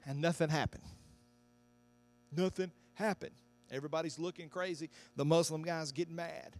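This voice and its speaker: A man with a high-pitched voice preaches a sermon, moving from quiet storytelling to shouted climaxes. The sound is dry and close, with a faint mains hum behind him. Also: normal speed, long pauses, no echo. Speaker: pastor.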